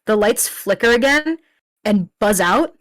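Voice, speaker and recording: A woman's voice: mid-range voice, lively intonation, measured pace, dry recording. A woman game master running a tabletop horror game over a voice call, chatty and laughing easily.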